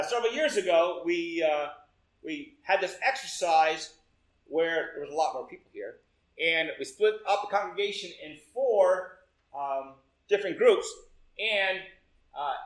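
A man's voice: sits high, fairly bright tone. A man preaching a sermon to his congregation, leading them through a psalm and checking in with them as he goes. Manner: unhurried, talks to congregation with "right?" checks. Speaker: pastor. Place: church sanctuary. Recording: echoey church room.

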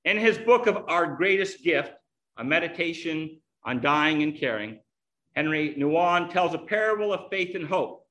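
Brief: man preacher, earnest teaching sermon, high bright voice. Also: lively intonation, normal speed.

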